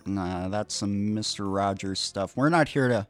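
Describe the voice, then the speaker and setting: A man co-hosting a podcast in casual chat, with a deep, mellow voice and dry, deadpan delivery. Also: measured pace. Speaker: podcast co-host.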